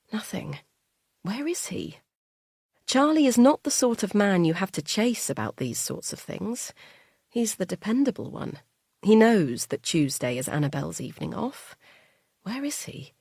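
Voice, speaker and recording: Woman, audiobook narrator, lowish voice, quiet measured telling, dry close sound. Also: vocal fry, dry recording. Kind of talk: first-person thriller narration.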